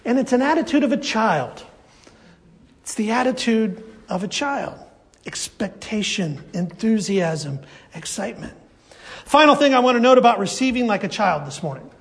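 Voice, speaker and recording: Man, pastor, very high pitch, animated sermon, church service. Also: normal speed, creaky. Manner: animated, acts out congregation voices.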